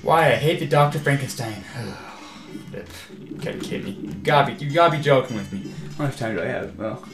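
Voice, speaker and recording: A man narrates a video game playthrough in a lively, fairly quick mid-range voice with a fairly bright tone. As a let's play host he rambles, gets exasperated easily, and says "freaking" often, in an echoey room with faint game music.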